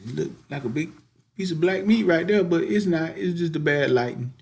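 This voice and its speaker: Lively laid-back slangy man. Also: on the high side, moderate pace, creaky, a little hiss or hum. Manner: laid-back slangy chatter, sing-song hype chants. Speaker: mukbang vlogger. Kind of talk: casual cooking and eating vlog.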